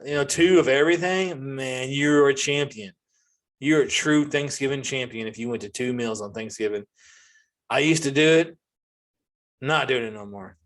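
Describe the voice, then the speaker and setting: Ranting forty-something comic. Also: male voice, a little slow, long pauses. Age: 40s. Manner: ranting, animated, jumps to high-pitched outbursts. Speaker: comedy podcast host. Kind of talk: casual comedic monologue.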